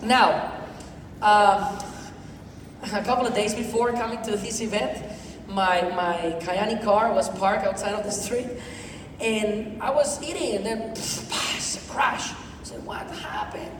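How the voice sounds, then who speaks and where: A man with a high voice delivers an energetic seminar talk in halting non-native English. His words ring through a long reverberant hall, picked up from a distance with a steady background noise. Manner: energetic, repetitive, peppered with "you know". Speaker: speaker at a sales event. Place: event hall with audience. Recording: echoey hall from far off, noisy.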